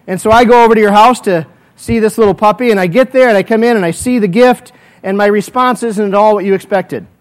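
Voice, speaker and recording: High-voiced male pastor preaching. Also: quick pace. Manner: storytelling with vivid hypotheticals; earnest prayer. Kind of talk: sermon. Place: church.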